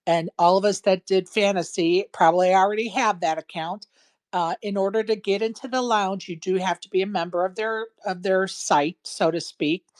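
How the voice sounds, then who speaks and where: A folksy woman hosts a casual online show, chatting to viewers and co-hosts. Her voice sits at an ordinary middle pitch, and she speaks frankly and plainly. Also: moderate pace. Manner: chatty and folksy, says "y'all", frank opinions. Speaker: show host. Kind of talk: casual live-stream chat.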